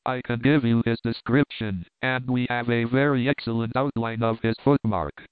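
A shrewd, composed detective lays out his reasoning in measured phrases, as a male reader plays him. The voice is smooth but comes through dry and tinny, like a phone line. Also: medium pitch, steady tone, no echo, lightly acted. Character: calm, shrewd male detective, middle-aged.

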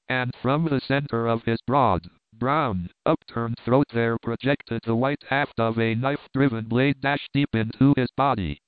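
A man's voice: medium pitch, no echo. Man narrating a story over a tinny line. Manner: steady, clear storytelling. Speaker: audiobook reader. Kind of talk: scripted narration. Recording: dry tinny phone-like sound.

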